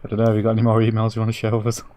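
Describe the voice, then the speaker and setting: A man's voice: on the low side, completely flat delivery, racing, mellow, no room sound. A man co-hosting a casual gaming podcast, teasing his friends in a dry way. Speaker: podcast co-host. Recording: dry close mic.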